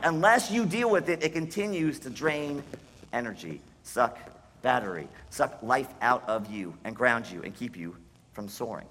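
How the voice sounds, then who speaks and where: A man's voice: sits high, bright, forceful tone, long reverb tail. A man preaching a sermon as pastor, in an earnest, conversational way, acting out the quoted dialogue.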